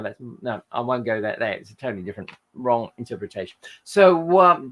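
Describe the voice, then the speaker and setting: A man's voice: a little high, fairly bright tone. An Australian man hosting a casual livestream, reading viewer comments aloud and rambling in friendly chat.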